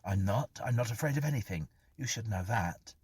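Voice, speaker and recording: A man's voice: lowish voice, animated, moderate pace, a little mellow, slightly rough, dry recording, voice pushed up. A man voicing a nervous, infatuated young man in a spoken ghost story, earnest and defensive. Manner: earnest, defensive, eager to please.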